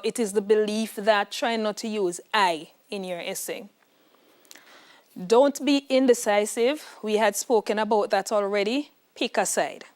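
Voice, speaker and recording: A woman with a Jamaican accent teaching an exam prep lesson in an emphatic, instructive way, checking in with "all right". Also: fairly high pitch. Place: classroom.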